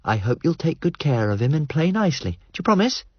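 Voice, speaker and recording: A man's voice: fairly high pitch, very animated, fast, husky, dry recording, dull audio, pitched above the performer's own voice. A man reading an audiobook, voicing a prim upper-class mother speaking to children in a coaxing way. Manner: coaxing, genteel.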